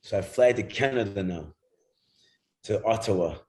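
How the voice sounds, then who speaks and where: Middle-aged man, lowish voice, animated storyteller who jumps into other people's voices and swears freely. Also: moderate pace. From Jamaica. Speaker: guest. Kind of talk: casual storytelling chat.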